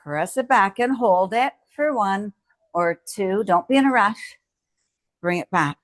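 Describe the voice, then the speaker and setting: A woman coaches a home strength workout, calling out each move and cheering the viewer along. Her medium-pitched voice is animated and measured in pace, and the recording has no room sound.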